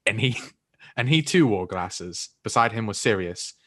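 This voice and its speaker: A man putting on a formal, old-fashioned English accent while reading a storybook aloud in a measured way. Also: fairly low pitch, expressive. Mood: reading proudly.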